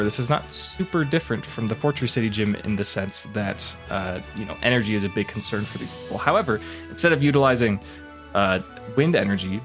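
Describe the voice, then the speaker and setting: A man narrating as game master of a tabletop game, talking casually with plenty of fillers. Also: lowish voice.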